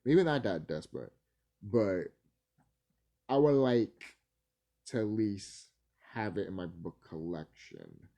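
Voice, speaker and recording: A man talking through a casual vlog in a mellow, relaxed voice that swings widely up and down. He rambles, swears freely and trips over his words. He laughs easily as he goes. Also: on the low side, takes it slowly, pauses often. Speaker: video creator.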